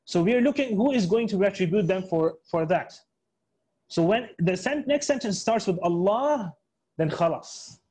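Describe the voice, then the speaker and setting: A man teaching a Quran tafsir class online, explaining slowly in English mixed with Arabic terms, with many fillers and self-corrections. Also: sits high, animated, darkish tone, husky, rough recording.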